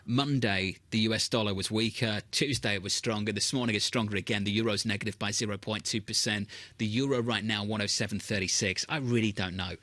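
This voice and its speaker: A man reads financial headlines in a brisk studio delivery, his voice sitting on the low side. He keeps firing probing questions at his co-hosts, and the sound is dry and close with no room around it. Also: fairly even intonation, sharp tone, no room sound. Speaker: news anchor. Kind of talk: financial news broadcast. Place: broadcast studio.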